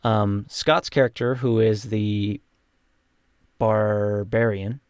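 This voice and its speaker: A man's voice: lowish voice, fairly even intonation, takes it slowly, a little mellow, smooth, no room sound, studio quality. A young man co-hosting a casual podcast, recapping a tabletop campaign in a rambling way with many fillers. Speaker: podcast co-host and player.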